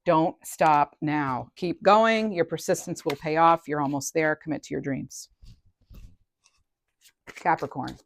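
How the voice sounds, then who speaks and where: Low-voiced woman giving a casual tarot reading. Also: a little slow, long pauses. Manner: chatty, thinks aloud, trails off and restarts. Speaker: tarot reader.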